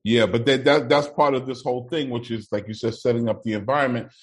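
A man's voice: medium pitch, fairly even intonation, fast talker. A man hosting a podcast in casual, profane chat, moving the conversation along between topics. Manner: steers the topics, swears casually, mimics other people's talk. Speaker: podcast host.

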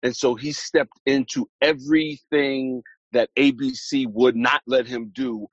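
A man in a casual podcast conversation, weighing his opinions on a show with frequent hedges and restarts. His voice sits at a middling pitch. The recording is dry and a little dull. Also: fairly even intonation, measured pace, no echo. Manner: thoughtful, hedging, many restarts. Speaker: podcast co-host. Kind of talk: casual TV review chat.

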